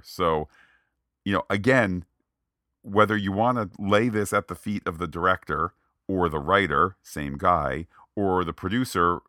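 A man co-hosts a movie podcast, chatting casually in a review and animatedly acting out quoted lines. His voice sits low, with studio quality and no room sound.

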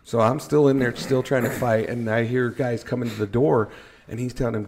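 A man telling a firefighting story in a casual podcast chat, animated and joking at his own expense. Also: mid-range voice, fairly quick. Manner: animated, acts out his own panicked thoughts, jokes at himself.

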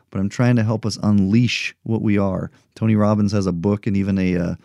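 A man's voice: on the low side, fairly even intonation, normal speed, gravelly, mellow, dry recording, clean studio sound. A middle-aged man hosting a motivational podcast, talking earnestly and encouragingly, repeating rhetorical questions to his listeners. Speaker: podcast host.

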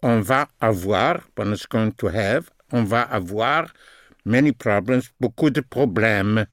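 A man teaching a recorded language lesson, slowly repeating each phrase and its translation. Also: medium pitch, no echo, clean studio sound. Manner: slow, deliberate, repeats phrases in two languages.

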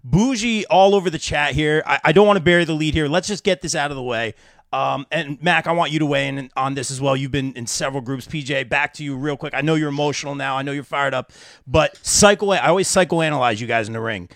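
A man hosting a live podcast interview, excitable and reading out comments from the chat. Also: on the high side, fast talker, dry recording. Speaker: podcast host.

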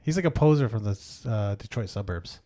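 Man, stand-up comic, podcast co-host, deadpan, quiet delivery. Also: on the low side, fairly quick. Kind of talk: casual comedy podcast chat.

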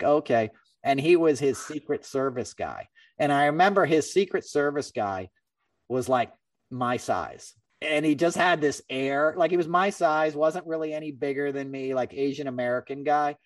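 A middle-aged man hosting a podcast, telling a story in a casual, animated way and acting out other people's lines. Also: medium pitch, no echo, far from the mic. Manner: animated, acts out quoted voices. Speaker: podcast host.

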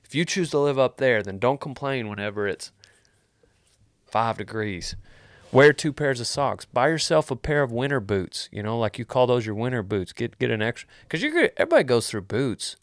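A man hosting a vlog, answering viewer questions in a rambling, deadpan joking chat. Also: mid-range voice, moderate pace, no room sound, studio quality. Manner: joking, deadpan, wandering asides.

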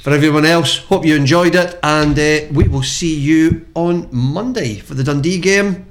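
A man's voice: on the high side, normal speed, background noise. A man hosting a casual chat, bantering and laughing a lot. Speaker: podcast host.

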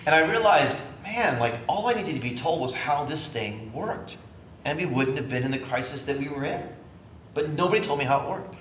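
Middle-aged male preacher, lively storyteller, acts out voices; roomy echo, faint hiss. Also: a little high, moderate pace. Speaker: bishop. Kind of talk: storytelling sermon. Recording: echoey room with faint noise.

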